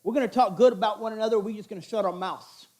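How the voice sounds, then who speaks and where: A very high-pitched middle-aged man delivers an informal sermon. His talk is earnest and conversational, and he circles back over his points again and again. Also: fast, a little mellow. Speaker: chapel speaker.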